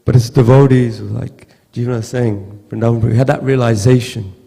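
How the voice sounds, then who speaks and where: A man giving a halting, heartfelt storytelling tribute at a memorial gathering, often repeating words. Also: mid-range voice, fairly even intonation, dark tone, in a large hall. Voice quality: gravelly. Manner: halting, repeats words, acts out quoted voices. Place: temple hall with long reverb.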